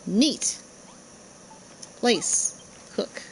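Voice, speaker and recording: A woman's voice: mid-range voice, unhurried, long pauses, slight background noise, rough recording. Woman muttering through a game stream. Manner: muttering to herself, playful, reads dialogue aloud. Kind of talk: casual gameplay commentary.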